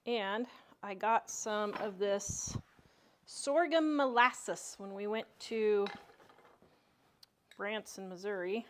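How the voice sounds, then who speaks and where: Slow-talking middle-aged woman cooking host. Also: medium pitch, a little hiss or hum. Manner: chatty, homey, gushes over the food. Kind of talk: casual cooking demonstration. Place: home kitchen.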